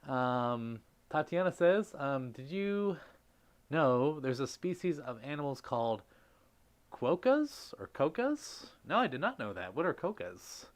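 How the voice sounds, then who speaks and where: A man at mid pitch talks heartfelt and rambling into a streaming microphone, filling pauses with "you know" and "um". He greets viewers by name and reads their chat messages aloud in a casual live stream chat. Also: very animated. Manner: heartfelt, rambling with many fillers. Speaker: livestream host.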